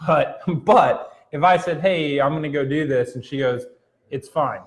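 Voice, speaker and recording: A man's voice: fairly high pitch, moderate pace. A man co-hosting a podcast, chatting casually and making his points with everyday examples. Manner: conversational, illustrates with everyday examples. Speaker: podcast co-host. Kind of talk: casual chat.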